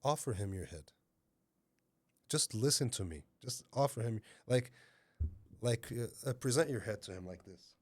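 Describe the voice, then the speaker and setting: A man voicing a calm inner voice that gives soft, hushed, soothing commands. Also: medium pitch, moderate pace, long pauses, no room sound, lightly acted. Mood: urging.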